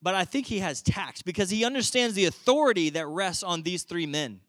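A man preaching with a high-pitched voice, telling the story in a casual, animated way. The sound is dry and close, with no room echo. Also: a little fast. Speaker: pastor. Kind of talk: sermon.

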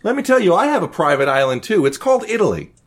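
A man's voice: high voice, sing-song, quick pace, voice pushed up, heavily acted. A man voicing an overexcited, coked-out Roman emperor who rambles and gushes. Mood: manic chatter.

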